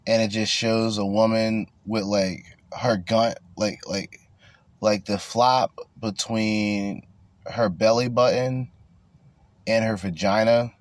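A man's voice: on the low side, fairly even intonation, slow, no echo. A man hosting a casual podcast, ranting bluntly and crudely with lots of swearing. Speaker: podcast host.

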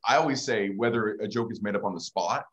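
A man's voice: lowish voice, quick pace. A man hosting a casual podcast chat, thoughtful and analytical, laughing easily as he talks.

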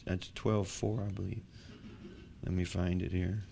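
A man's voice: low-pitched, little pitch movement, a little slow, gravelly, warm tone, slight background noise. A man preaching a sermon as pastor, building to emphatic declarations.

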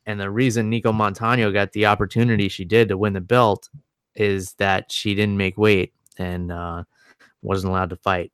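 A man's voice: lowish voice, clear, resonant tone, no echo, clean studio sound. A man co-hosting a casual mixed martial arts chat, previewing upcoming fights with enthusiasm and the odd swear word. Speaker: MMA podcast co-host.

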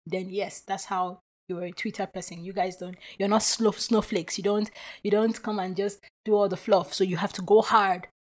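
Woman podcast host, casual solo monologue, reflective and chatty, middle-pitched. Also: normal speed. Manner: animated storyteller who acts out quoted voices; chatty and reflective with frequent filler words.

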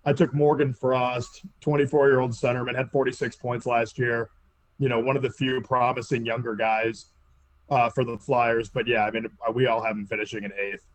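A man's voice: medium pitch, flat delivery, normal speed, dry recording. A man hosting a casual sports podcast, steering segments and reading through lists of names. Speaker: podcast host.

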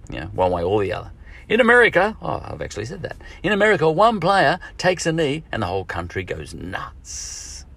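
A man's voice: fairly high pitch, huge pitch swings, a little fast, vocal fry, a bit bright, no room sound. An Australian man hosting a podcast, talking in a chatty, digressive solo monologue and often correcting himself mid-thought. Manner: chatty, digressive, self-correcting with frequent "you know" and chuckles. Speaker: podcast host.

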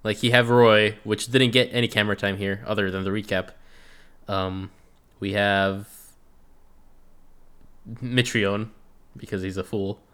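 A man co-hosting a casual review podcast, telling stories in a relaxed way and laughing often. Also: lowish voice, measured pace, long pauses, clean tone. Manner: laid-back storytelling, acts out quotes, laughs often. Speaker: podcast co-host reviewing a reality show. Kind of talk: casual chat.

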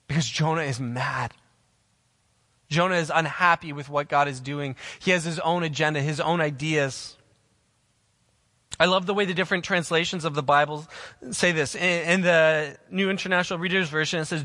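A pastor delivers a sermon to camera for online viewers, filmed inside a church with a long, reverberant hall sound. He speaks with emphasis and keeps repeating his key phrases. His voice is slightly high, steady and pushed bright, at normal speed.

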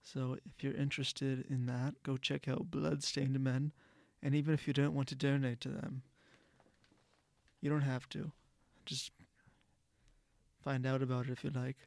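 A man's voice: mid-range voice, little pitch movement, a little slow, creaky, darkish tone, dry recording. A man hosting his own podcast, talking casually and rambling, often restarting and correcting himself. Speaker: podcast host. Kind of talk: casual solo podcast talk.

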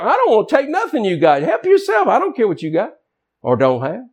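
A man delivering a sermon in a high, lively voice that jumps all over the place. He preaches emphatically, mixing scripture with folksy, colloquial asides. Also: a little fast, breathy edge. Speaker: pastor.

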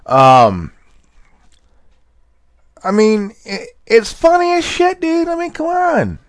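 High-pitched rambling slangy man. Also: huge pitch swings, slow pace, no room sound, clean studio sound. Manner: laid-back, profane, slangy, full of fillers and restarts. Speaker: podcast host. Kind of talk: rambling casual monologue.

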